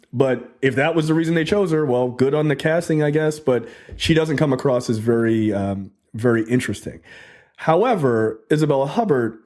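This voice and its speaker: A man's voice: mid-range voice, darkish tone. A man hosting a podcast, giving a casual movie review in a chatty, loose way full of fillers. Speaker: podcast host.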